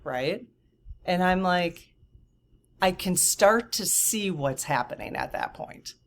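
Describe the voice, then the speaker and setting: Fifty-something woman ranting to camera, low voice, fired up and chatty. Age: 50s. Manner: animated, indignant, lots of fillers and asides. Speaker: vlogger. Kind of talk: casual storytelling to camera.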